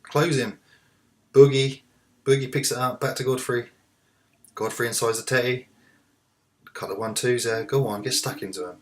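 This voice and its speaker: A man commentating live on a football management game, muttering to himself and then shouting at the players. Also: medium pitch, moderate pace, pauses often. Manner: talks to the players, swings from muttering to excited shouts. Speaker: let's play host.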